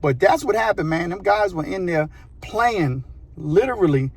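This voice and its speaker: A man, a channel host telling a story in a casual, animated, slangy way. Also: high voice, normal speed, vocal fry, breathy edge. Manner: animated, slangy, repeats phrases for effect.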